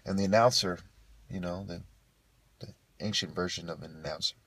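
Husky man ranting with profanity. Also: low-pitched, fairly quick, fairly bright tone, no echo. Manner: profane, scornful ranting with bursts of laughter. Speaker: video blogger. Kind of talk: ranting monologue to camera.

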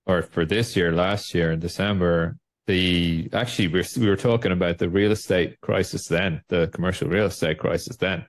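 A man's voice: low voice, steady tone, moderate pace, hardly any pauses. Man in casual market chat. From Ireland. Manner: joking, rambling, laughs often. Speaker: trading show co-host.

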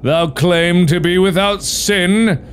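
A man's voice: sits high, slow, slight background noise, pitched above the performer's own voice. A man doing a stern, pompous woodcutter. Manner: pompous mock-archaic speech. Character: stern archaic woodcutter interrogating trees.

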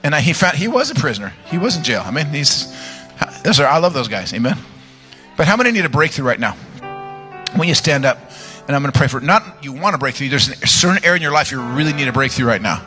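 A man's voice: on the high side, fast, soft background music. A man preaching a charismatic sermon, telling jokey stories and praying fervently. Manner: animated, joking storyteller, loud fervent praying. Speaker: guest preacher.

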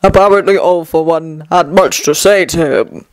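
A woman voicing a pensive, gentle adult male hero who speaks in a measured way. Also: sits low, no room sound, close to an everyday voice, low-quality recording.

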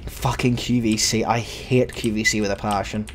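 A man's voice: lowish voice, steady tone, moderate pace, few pauses, music in the background. A man streaming a game and commenting casually, crude and joking, with frequent silly voices.

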